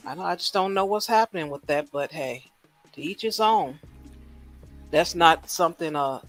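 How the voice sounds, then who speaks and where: Woman, livestream host, casual rambling chat, animated, rhetorical questions, faint music behind. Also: fairly low pitch, normal speed. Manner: chatty, animated, rhetorical questions, laughs at own jokes.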